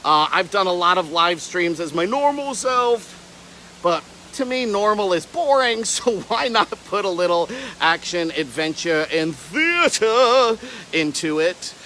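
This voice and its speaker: Bright-voiced playful young man on a livestream. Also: high voice, animated, unhurried, slight background noise, poor audio. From Florida. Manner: playful, rambling, jumps between tangents. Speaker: reptile keeper livestreaming. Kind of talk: casual livestream chat. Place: outdoor alligator park.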